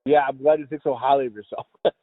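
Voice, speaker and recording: A man's voice: medium pitch, steady tone, fast talker, dry recording. A man co-hosting a podcast, rambling through crude jokes and laughing often. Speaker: podcast co-host. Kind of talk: crude casual banter. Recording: tinny phone-like sound.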